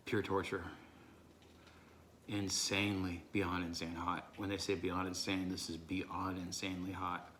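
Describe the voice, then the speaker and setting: Deep-voiced man straining through a burn. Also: bright, forceful tone, a little hiss or hum. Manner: breathy, gasping, pausing to recover. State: strained voice from hot sauce burn. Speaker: hot sauce reviewer. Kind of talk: casual vlog talk to camera.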